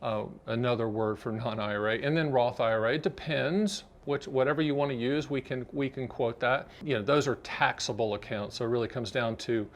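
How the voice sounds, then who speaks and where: A Southern United States man who works as an annuity advisor hosts a direct-to-camera finance explainer vlog. His medium-pitched, steady voice moves briskly with few pauses as he jokes, chats, pitches and speaks straight to the viewer.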